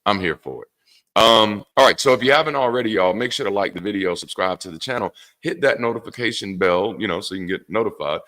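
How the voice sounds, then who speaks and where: Middle-aged guy ranting on his stream, cusses a lot, lowish voice but bright and punchy. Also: quick pace. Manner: candid and profane, animated rants. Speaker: host. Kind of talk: casual livestream talk.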